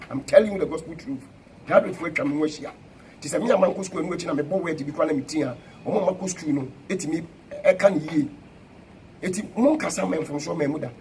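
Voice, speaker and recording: A middle-aged Ghanaian man answers a critic in a fiery, emphatic style, repeating his points to hammer them home. His voice sits a little higher than most men's. A faint hiss runs underneath. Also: a little mellow, rough recording. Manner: emphatic, repetitive, confrontational. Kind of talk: fiery spoken reply mixing Twi and English.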